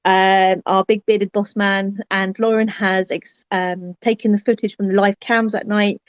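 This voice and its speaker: A woman's voice: mid-range voice, little pitch movement, unhurried, clean tone, no room sound. A woman co-hosting a casual live-stream chat, upbeat and giggly. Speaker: co-host. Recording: dry, dull lo-fi audio.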